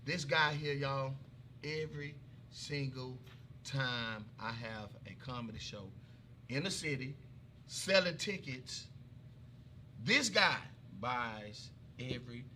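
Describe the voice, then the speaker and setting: A man hosting a casual talk show, lively, hyped-up and affectionate. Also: mid-range voice, slow, slight background noise. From Houston. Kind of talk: casual chat.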